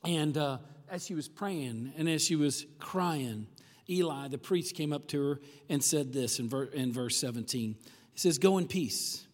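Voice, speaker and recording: Conversational preacher with a long hall echo. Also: male voice, fairly high pitch, unhurried. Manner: conversational, checks in with "okay?". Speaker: pastor. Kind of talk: sermon.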